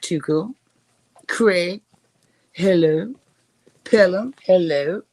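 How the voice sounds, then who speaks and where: A woman's voice: on the low side, very slow, warm tone. A woman streaming live, chatting casually and joking as she greets viewers by name. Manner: jokey, rambling, greets chat by name.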